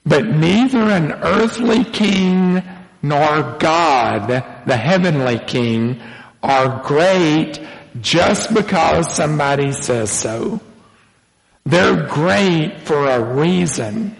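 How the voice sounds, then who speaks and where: A man's voice: fairly high pitch, animated, extremely slow, vocal fry. A man preaching a sermon to his congregation in a church, with folksy joking asides. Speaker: pastor. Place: church sanctuary. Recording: long hall reverb.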